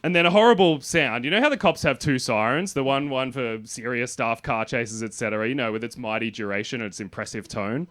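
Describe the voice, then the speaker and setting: A man's voice: mid-range voice, fairly quick, few pauses, slight background noise. Wry comedian in his thirties. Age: 30s. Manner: wry, self-mocking, builds to animated punchlines. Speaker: stand-up comedian. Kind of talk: stand-up storytelling. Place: comedy club stage.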